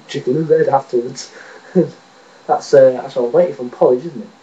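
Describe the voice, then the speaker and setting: A man's voice: medium pitch, steady tone, moderate pace, dark tone, dull audio. An English man rambling casually in a vlog, self-mocking and sweary, often laughing at himself. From England. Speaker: vlogger.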